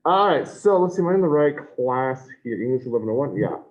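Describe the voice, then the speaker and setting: A man's voice: mid-range voice, sing-song, fast talker. A man teaching an online class, taking attendance in a scattered, self-correcting, apologetic way. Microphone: video call. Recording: tinny video call audio.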